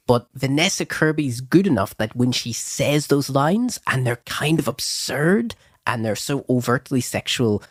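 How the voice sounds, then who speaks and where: A man co-hosting a film review show, chatting casually in a rambling, animated way that acts out quotes. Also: medium pitch, no echo, studio quality. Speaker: film review podcast co-host. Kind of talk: casual chat.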